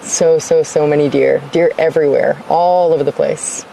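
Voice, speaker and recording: A woman's voice: deep voice, steady tone, normal speed, vocal fry, warm tone, slight background noise, low-quality recording. A tired woman chatting casually and rambling on a livestream from her car, sometimes wandering away from her clip-on mic. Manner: rambling, chatty, self-interrupting. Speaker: livestream host. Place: in and around her car outdoors. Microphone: clip-on mic, sometimes far from it.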